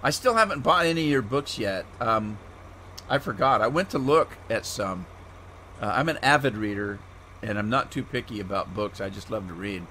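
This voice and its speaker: A man's voice: fairly low pitch, animated, moderate pace, bright, forceful tone, slight background noise. A middle-aged man from the United States, a live streamer chatting with viewers by name as he plays a farming game, rambling and easygoing. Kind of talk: casual chat while playing a farming game.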